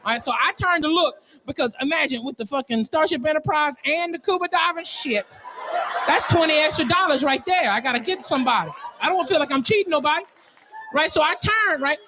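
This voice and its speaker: A male stand-up comedian telling a story, excitable and profane, often laughing at his own jokes. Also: very high-pitched, fairly quick, a little hiss or hum.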